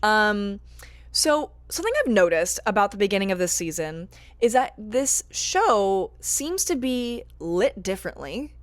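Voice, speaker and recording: A young woman giving casual vlog commentary on a TV series, chatty and animated, often apologizing and joking about herself. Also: mid-range voice, no room sound. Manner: chatty, animated, self-deprecating. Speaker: TV show reviewer.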